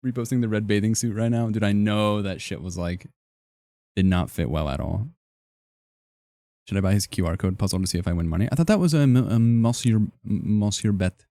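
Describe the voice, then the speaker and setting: A man's voice: fairly low pitch, brisk, dark tone, no echo, clean studio sound. A young man streaming live, chatting casually and joking as he reacts to his chat in a rambling way.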